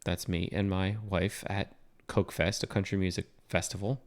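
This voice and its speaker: A man's voice: low voice, level tone, normal speed. A young man talking casually through a coding tutorial while sharing his screen, thinking aloud with fillers and self-corrections. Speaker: web developer teaching a coding tutorial.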